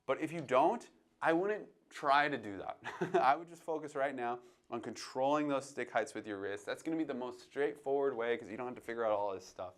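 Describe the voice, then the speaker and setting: A man teaching jazz drumming, calmly coaching and counting beats aloud between demonstrations. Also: mid-range voice, fairly quick. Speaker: drum teacher. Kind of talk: instructional demonstration. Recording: drums playing behind the voice. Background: drum playing between phrases.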